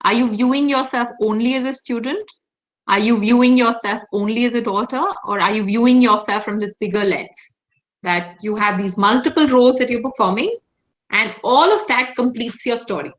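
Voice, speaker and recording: A woman's voice: a little high, normal speed, rough recording. Engaging Indian English woman leading a workshop. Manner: engaging, asks the audience frequent questions. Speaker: workshop speaker. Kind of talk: interactive online workshop session. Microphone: video call.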